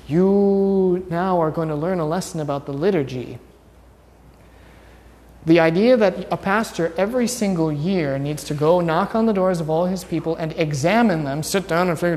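A man's voice: sits high, animated, normal speed, darkish tone. A man, a pastor, giving a conversational teaching sermon, quizzing his congregation with an informal, wry manner. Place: church sanctuary. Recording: long church reverb.

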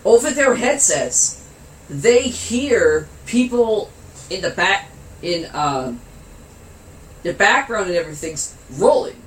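A man's voice: high-pitched, sing-song, slow pace, long pauses. A man casually telling a funny story, giggling and laughing as he goes, and swearing freely. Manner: giggly, laughs through his anecdote. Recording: roomy, with faint background noise.

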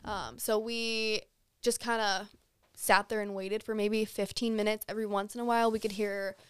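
A young woman, a podcast guest, telling a hunting story in a relaxed, chatty way with plenty of fillers. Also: medium pitch, moderate pace, clean tone, dry recording. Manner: easygoing, frequent fillers, animated when excited. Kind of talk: casual storytelling.

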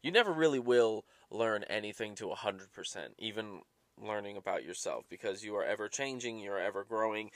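A man's voice: on the low side, animated, brisk, dry recording. Profane, ranting young man, dry sound. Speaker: podcast host. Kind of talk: casual rambling rant.

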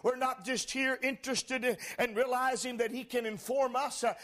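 A man preaching a sermon, fervent, with frequent "uh" fillers and rising to shouts. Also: very high-pitched, fairly even intonation, moderate pace.

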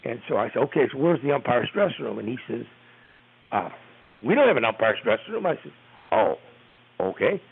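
Older man, retired umpire, rambling animated storytelling, husky voice, tinny phone line. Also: mid-range voice, fairly quick, long pauses. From United States. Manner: rambling, animated retelling with restarts. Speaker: retired baseball umpire, interview guest. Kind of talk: storytelling in an interview.

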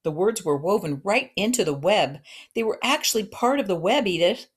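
Grave farmer in a storybook, earnest and slow, as a woman reads him. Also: medium pitch, animated, breathy edge. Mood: solemn awe. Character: middle-aged farmer, solemn and awed.

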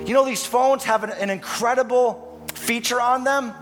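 A man preaching a sermon in a church, impassioned, swinging from hushed tones to loud emphasis. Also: extremely high pitch, normal speed. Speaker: pastor. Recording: reverberant hall with soft music.

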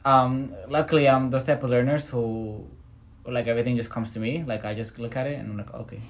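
A young adult talks through a school memory in casual chat, the voice sitting at an ordinary middle pitch. The story wanders and often restarts, padded with fillers, over a faint background hum. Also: fairly even intonation, brisk. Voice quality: rambling, hesitant, many fillers and restarts.

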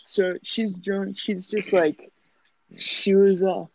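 Gravelly young man, lo-fi. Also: sits high, level tone, slow pace, a little mellow, no room sound. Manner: profane, joking storyteller. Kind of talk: casual chat. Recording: dull lo-fi sound.

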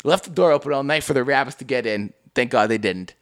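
A man's voice: mid-range voice, fast. A man co-hosting a podcast in casual chat, telling stories animatedly, laughing and swearing often. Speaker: podcast co-host.

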